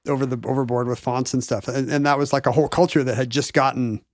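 A man's voice: mid-range voice, steady tone, fast, no room sound. Wry man chatting, dry sound. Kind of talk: casual chat.

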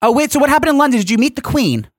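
A man's voice: very high voice, big pitch swings, very fast, dry recording. Campy teasing man, dry studio sound. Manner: campy, teasing, mock-pompous. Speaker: podcast co-host. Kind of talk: casual chat.

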